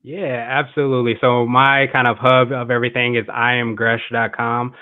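A man's voice: medium pitch, moderate pace, dry recording. A man, a guest entrepreneur, talking casually in an interview with lots of fillers. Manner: relaxed, frequent fillers like "like" and "um". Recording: tinny remote call audio.

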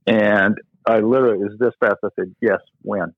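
This middle-aged man, a tennis pro on a podcast, talks fast in a low voice with fairly even intonation. His casual interview stories wander, with frequent "you know"s and restarts. The audio is dry, echo-free, and tinny like a phone call.

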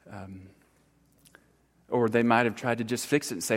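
A man, a church counselor giving an informal sermon talk, earnest and halting, full of fillers and restarts. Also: medium pitch, fairly even intonation. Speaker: church counselor speaking to congregation. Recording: long hall reverb.

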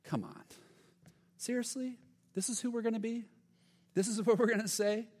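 A man's voice: a little high, lively intonation, normal speed, darkish tone, breathy edge. A man voicing a sarcastic apostle who scoffs in disbelief at empty words. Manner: mocking, disbelieving. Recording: long hall reverb.

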